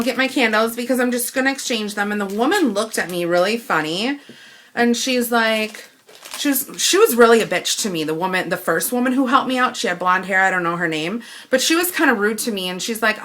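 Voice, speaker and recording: A woman from Wisconsin, telling a shopping complaint story and acting out both sides of the conversation. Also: a little high. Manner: animated retelling, acting out both sides of the dialogue. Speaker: vlogger. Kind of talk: ranting story to camera.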